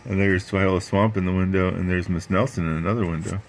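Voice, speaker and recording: A man's voice: low voice, steady tone, fast talker. A man reading a picture book aloud, adding chatty asides about the pictures. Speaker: read-aloud storyteller.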